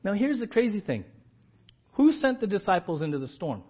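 A male pastor preaching a sermon in a casual, animated storytelling way with everyday slang. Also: high voice, normal speed, husky, muffled recording.

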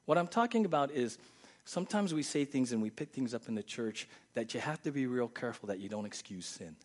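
A man preaching a sermon, addressing the congregation with rhetorical questions, swinging from low, quiet stretches to high, loud ones. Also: animated, a little fast. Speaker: pastor.

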